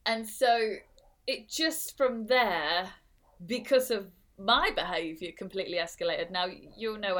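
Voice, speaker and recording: A woman's voice: lowish voice, normal speed, fairly bright tone. A woman in her thirties co-hosting a podcast, telling a personal story in casual chat with lots of fillers and restarts. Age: 30s. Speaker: podcast co-host.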